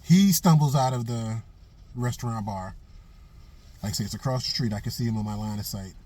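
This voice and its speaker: A man's voice: mid-range voice, a little fast, a little mellow, no room sound. A middle-aged man giving a blunt, profane opinion monologue for his vlog, telling stories and hammering points with repeated phrases. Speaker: vlogger. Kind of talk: casual opinion monologue with storytelling.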